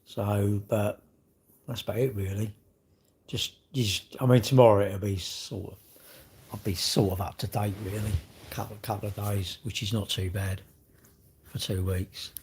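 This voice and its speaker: A man's voice: lowish voice, flat delivery, normal speed, darkish tone, breathy edge. A middle-aged man hosting a casual livestream, chatting bluntly and jokingly with viewers as he reads their comments. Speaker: livestream host.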